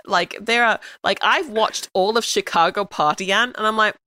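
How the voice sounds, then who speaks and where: A woman's voice: medium pitch, moderate pace, bright, forceful tone, no room sound. A woman co-hosting a podcast, chatting casually in a self-deprecating way and laughing often. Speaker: podcast co-host. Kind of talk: casual chat.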